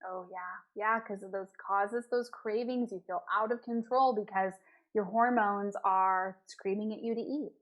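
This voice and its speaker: A woman dietitian, a guest in a casual interview, who talks with quick bursts of enthusiasm. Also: medium pitch, steady tone, muffled recording.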